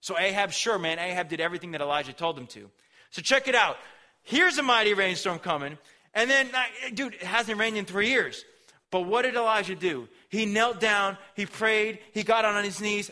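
High bright-voiced young preacher. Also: male voice, normal speed. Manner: casual slangy preaching with acted voices. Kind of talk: lively sermon storytelling.

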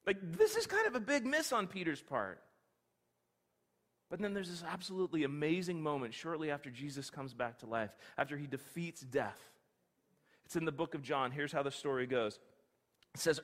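A male pastor telling a story in a lively, conversational sermon, his high voice swooping up and down. The sound carries a long hall reverb. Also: moderate pace.

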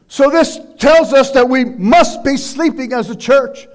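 A man preaching a sermon, loud and emphatic, shouting exhortations and dropping into quiet asides. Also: extremely high pitch, measured pace, hardly any pauses. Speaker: pastor.

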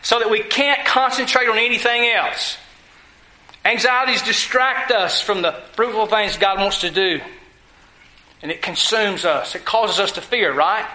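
A man's voice: high voice, measured pace, sharp tone. A man preaching a sermon in a folksy, conversational way, full of rhetorical questions to his church. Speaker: pastor. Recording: echoey room.

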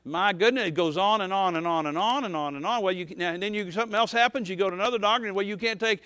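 Male pastor, high bright tone, dry close sound, folksy rambling sermon. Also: rapid-fire, dry recording. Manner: folksy, rambling, swings from soft to shouting.

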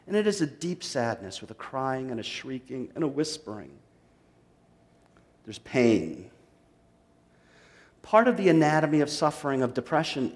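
A man preaching a sermon, reading a psalm dramatically and swinging from loud to hushed. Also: mid-range voice, big-room sound. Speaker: pastor.

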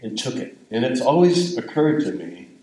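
A man's voice: mid-range voice, very animated, moderate pace, warm tone, roomy sound, low-quality recording. An older man giving a sermon in a conversational, rambling storytelling way. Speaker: pastor.

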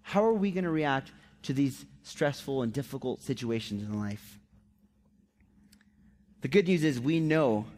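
A man's voice: medium pitch, a little mellow. A male pastor giving a conversational sermon, acting out the quotes of everyday people in a raised voice.

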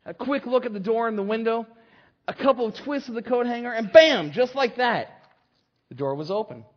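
A man preaching a sermon, telling a story in an animated way with frequent restarts. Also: very high-pitched, brisk. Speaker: pastor. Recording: slightly dull lo-fi recording.

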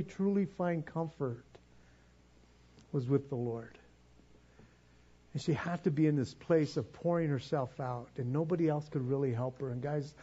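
Pastor guy preaching, husky mellow voice, kinda muffled recording, earnest, repeats himself a lot. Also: a little high. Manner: earnest, repeats words when stirred, pleading. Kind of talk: sermon.

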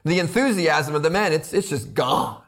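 A man's voice: fairly high pitch, animated, normal speed, a bit bright. A man preaching an expository sermon, earnest and building to emphatic rhetorical questions, often repeating words as he presses a point. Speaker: pastor.

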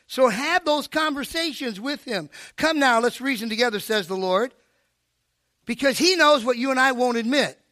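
An older man preaching a sermon at a live church service, animated and preachy, with joking asides. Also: extremely high pitch, normal speed, no echo. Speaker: pastor.

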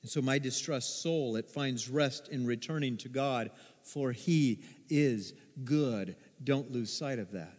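A man preaching a sermon as pastor, telling stories with animated acted-out voices. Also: mid-range voice, takes it slowly. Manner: animated storytelling, acts out voices in quotes. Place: church sanctuary. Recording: long hall reverb.

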